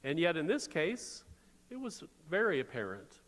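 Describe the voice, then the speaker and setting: A man's voice: a little high, wildly swooping pitch, normal speed, a bit bright. A man preaching a sermon as pastor, conversational, with wry asides. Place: church sanctuary. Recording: long church reverb.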